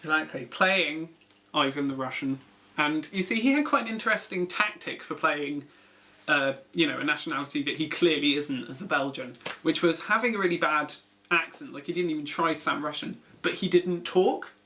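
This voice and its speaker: A man co-hosts a film review show, recapping the plot with dry, deadpan jokes. His voice is fairly high and very bright, and a faint hiss sits underneath. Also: normal speed. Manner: deadpan, jokey. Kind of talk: comedic film review banter.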